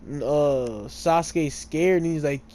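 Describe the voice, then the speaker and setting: A man retells a fan story while gaming, his delivery relaxed, cluttered with fillers, and marked by repeated slips on names that he then corrects. He speaks slowly in a mellow voice that sits on the high side.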